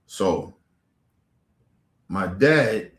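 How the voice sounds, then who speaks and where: A man's voice: deep voice, lively intonation, drawn-out words. A man hosting a live stream, telling a personal story to his viewers in a blunt, profane, rambling way. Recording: echoey room.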